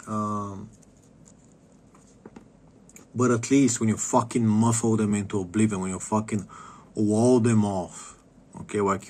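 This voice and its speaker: A man talks over his game stream in a loose, rambling rant full of swearing and scorn. His voice sits fairly low, and his sentences often sink into quiet mutters before he picks back up. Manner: profane, rambling, contemptuous. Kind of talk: casual rant while gaming.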